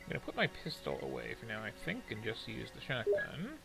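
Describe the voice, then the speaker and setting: A man with a gravelly, creaky voice at an ordinary pitch rambles through casual gameplay commentary. He is wry and pokes fun at himself. Game music plays clearly behind him. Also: wildly swooping pitch, brisk, low-quality recording. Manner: rambling, wry and self-deprecating. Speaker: game streamer.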